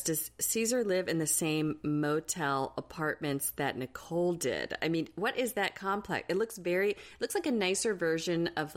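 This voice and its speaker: A young woman co-hosting a casual recap podcast, animated and laughing often. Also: on the low side. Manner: animated, laughing, mimics people she talks about. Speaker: podcast co-host.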